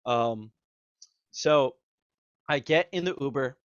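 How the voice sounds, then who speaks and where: A man's voice: medium pitch, normal speed, a bit bright, no echo. A man in his twenties, a podcast co-host, telling a rambling, profane story in casual chat and acting out what people said. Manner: rambling, profane, acts out quotes. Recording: slightly dull, dry audio.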